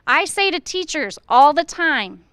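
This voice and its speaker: A middle-aged woman with a high, bright voice speaks to a room of educators with earnest conviction. She presses her point with a string of rhetorical questions and acts out the lines teachers might say to students. The recording is close and dry. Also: big pitch swings, a little slow, no echo. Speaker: school administrator speaking to educators. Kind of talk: presentation at a staff meeting.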